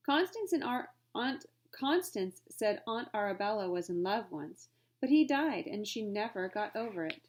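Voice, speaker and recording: A woman reading a children's storybook aloud in a clear, steady voice. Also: mid-range voice, normal speed, few pauses. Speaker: reader.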